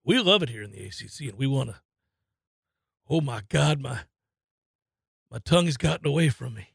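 Man doing a grumbling, sheepish college official, muttering, gravelly edge, dry close sound. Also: mid-range voice, expressive, normal speed, no room sound, pitched below the performer's own voice. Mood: sheepish, bitter. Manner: muttering confession, drops to a hush. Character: sheepish male athletic director secretly hating his league.

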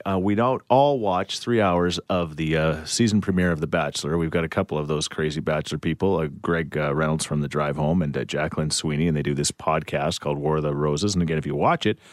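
A man's voice: very deep voice, brisk, hardly any pauses, no echo. A male radio host in the studio, joking loosely with lots of fillers. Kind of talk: morning radio chat.

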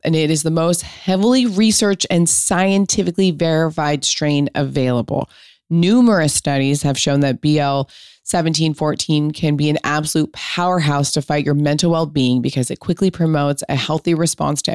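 A woman's voice: low-pitched, a little mellow, no room sound, clean studio sound. A woman in her thirties hosting a podcast, chatting enthusiastically and telling stories, and reading an ad. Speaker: podcast host. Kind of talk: casual chat and read ad.

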